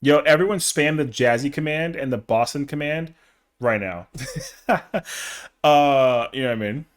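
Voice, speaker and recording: A man's voice: a little high, a little slow. A young man chatting casually on a live stream, rambling in slang with lots of fillers.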